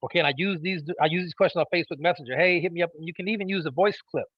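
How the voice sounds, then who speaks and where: Fast-talking emphatic male sales trainer. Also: a little high, husky, no echo, muffled recording. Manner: emphatic, repeats key phrases, checks in with "okay?". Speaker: network marketing trainer. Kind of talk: instructional talk.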